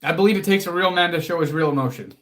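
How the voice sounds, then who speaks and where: A man's voice: fairly high pitch, racing, a bit bright, slight background noise. A man hosting a casual livestream as a fitness coach, answering chat in an earnest, motivational way, casually swearing and close to tears.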